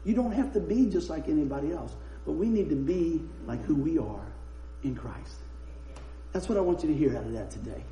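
A man with a high voice preaches in a roomy, echoing space. He mixes scripture with chatty, laughing anecdotes. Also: expressive, fairly quick, warm tone, a little hiss or hum. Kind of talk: sermon with humorous storytelling. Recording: roomy echo.

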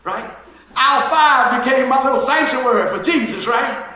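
A middle-aged pastor preaches in a bright, high voice. He tells stories, shifting from loud calls to quiet asides. His sermon rings through a very echoey church hall. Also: normal speed. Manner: lively storytelling, swings from shouting to hushed asides.

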